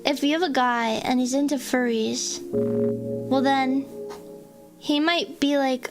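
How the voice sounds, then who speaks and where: A young woman streamer with a high, bright voice rambles through a live-stream chat. She is giddy and scattered, often spiking into squeaky highs. Loud background music plays beneath her the whole time. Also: steady tone, slow pace, long pauses. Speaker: VTuber streamer.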